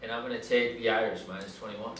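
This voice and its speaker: A man's voice: on the low side, fairly even intonation, fast talker, a bit bright, a little hiss or hum. A young man co-hosting casual sports talk, easygoing and plainspoken, recorded from a distance in a room. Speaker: co-host. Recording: echoey room, mic far off.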